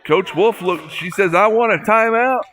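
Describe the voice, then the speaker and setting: A man calling a local high school basketball game play by play, folksy and talking to listeners as folks, getting excited at big plays. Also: moderate pace. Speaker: play-by-play announcer.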